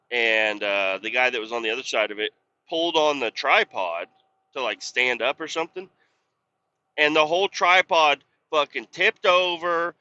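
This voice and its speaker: A man hosting a casual podcast tells an exasperated, rambling story and swears freely. His voice is mid-range yet very bright, and the lo-fi recording sounds slightly dull.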